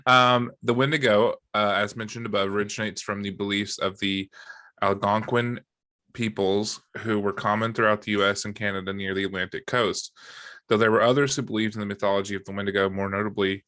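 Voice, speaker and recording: A man with a very low voice chats casually on a podcast, joking around and reading from notes with plenty of ums. The sound is dry and close. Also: a little fast, no room sound. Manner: relaxed, joking, many fillers. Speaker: podcast co-host. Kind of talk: casual chat, reading from a wiki.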